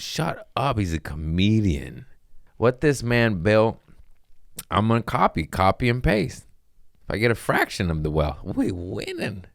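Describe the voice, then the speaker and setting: A young adult man, a comedian hosting a podcast, telling stories in an animated, profane, self-mocking way with quick laughs. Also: sits low, no echo, studio quality. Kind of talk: casual storytelling monologue.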